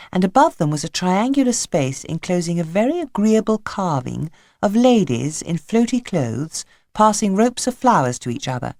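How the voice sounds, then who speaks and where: Expressive woman narrating with a low voice. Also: dry recording, studio quality. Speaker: audiobook narrator. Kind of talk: scripted narration.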